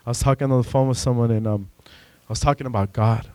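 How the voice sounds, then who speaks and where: A man giving an earnest, emotional personal faith testimony, rambling and filling pauses with "you know.". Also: mid-range voice, fairly even intonation, dark tone, smooth, no echo. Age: adult with a son. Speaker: church member giving a testimony.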